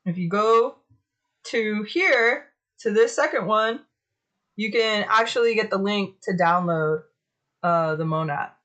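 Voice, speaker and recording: The audio is dull, carrying a young woman's mid-range, fairly bright voice at a slow pace. She streams live, swearing and chatting casually while fixing her setup, talking to herself as she fiddles with tech and humming little tunes under her breath.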